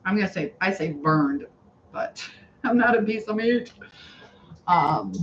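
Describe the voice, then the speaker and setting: A woman's voice: medium pitch, animated, measured pace, dull audio, slight background noise. A woman hosting a cooking livestream in her home kitchen, chatting casually and rambling to viewers while she cooks. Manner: chatty, rambling, greets viewers, laughs often.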